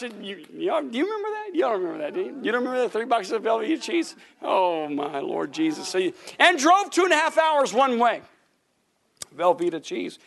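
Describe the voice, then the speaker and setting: High-voiced man telling sermon stories. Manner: animated storyteller, laughing and shouting at punchlines. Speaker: pastor. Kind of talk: sermon storytelling. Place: church sanctuary.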